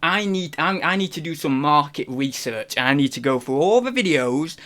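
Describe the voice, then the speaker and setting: A man's voice: fairly high pitch, expressive, moderate pace, sharp tone. A man hosting a live stream, chatting casually in a rambling, self-deprecating way. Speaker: reselling streamer host.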